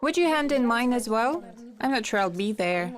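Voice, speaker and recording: A woman's voice: on the high side, lively intonation, moderate pace. A woman cadet speaking casually and offhandedly in a dubbed documentary voice-over. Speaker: military cadet. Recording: crowd noise behind.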